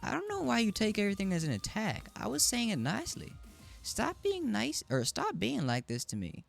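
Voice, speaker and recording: A man voicing an upset young woman in a high, pleading falsetto, reading her chat messages. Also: huge pitch swings, normal speed, creaky, faint music behind, heavily acted.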